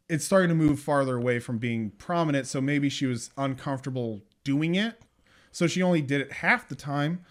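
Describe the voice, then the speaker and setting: A man co-hosting a film review podcast in casual chat, animated and acting out movie lines in mock voices. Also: on the high side, normal speed.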